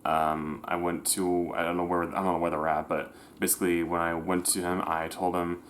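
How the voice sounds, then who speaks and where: A man's voice: sits low, flat delivery, moderate pace, fairly bright tone, a little hiss or hum. A man telling a personal story in a casual, rambling way, often restarting and correcting himself, with slangy everyday talk. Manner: slangy, conversational.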